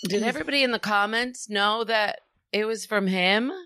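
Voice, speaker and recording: A woman's voice: mid-range voice, moderate pace, pushed and bright, no echo, clean studio sound. A woman co-hosting a podcast, chatting casually and teasing playfully. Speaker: podcast co-host. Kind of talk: casual chat.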